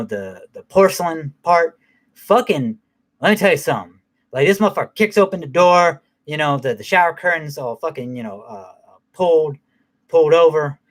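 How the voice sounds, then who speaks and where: A man giving a casual spoken movie review, rambling and swearing heavily, with lots of restarts. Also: a little high.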